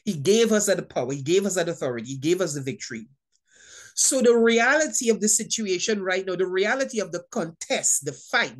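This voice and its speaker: A woman preaching a Bible lesson in an emphatic, repetitive way, often stammering over words and laughing between points. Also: on the low side. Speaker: Bible teacher. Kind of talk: sermon teaching.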